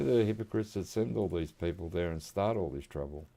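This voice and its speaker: Deep gravelly Australian man rambling. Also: a little fast, hardly any pauses, warm tone. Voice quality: laid-back rambling, chuckling often, slang like mate and reckon. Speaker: gaming streamer. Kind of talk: casual gameplay chat.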